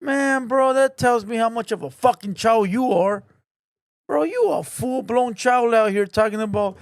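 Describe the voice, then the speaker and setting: Slow mocking man ranting on stream. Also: very high voice, dry recording, clean studio sound. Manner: mocking, scolding rant. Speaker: streamer reacting to a clip. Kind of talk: live stream commentary.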